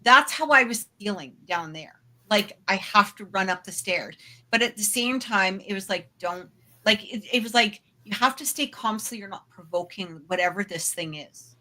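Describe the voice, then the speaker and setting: An expressive woman with a bright, forceful, mid-range voice speaks at normal speed as co-host of a paranormal podcast. She tells a personal tale casually, peppered with fillers and asides, and laughs freely along the way.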